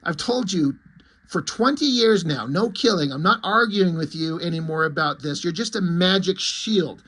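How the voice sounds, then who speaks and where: A man's voice: high voice, moderate pace, a bit bright. Man voicing a tired young half-orc hero, dry and exasperated.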